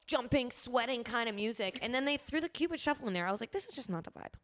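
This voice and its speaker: Fast-talking woman podcaster. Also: a little high. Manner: animated storytelling with frequent laughter. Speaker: podcast co-host. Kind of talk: casual chat.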